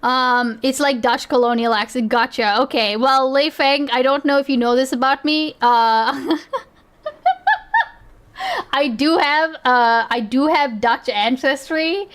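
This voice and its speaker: A woman with a South Asian accent chats casually on a livestream. Her voice sits high, and she rambles, swears and laughs often as she reacts. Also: fairly even intonation, a little slow, fairly bright tone. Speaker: streamer.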